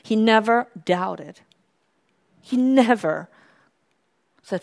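A woman preaching a sermon, swinging from hushed near-whispers to fervent, raised passages. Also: medium pitch, unhurried.

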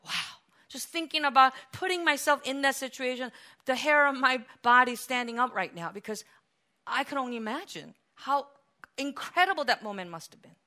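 Bright, high-voiced woman preaching. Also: brisk. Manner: animated storytelling, acting out voices and shouting. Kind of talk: sermon.

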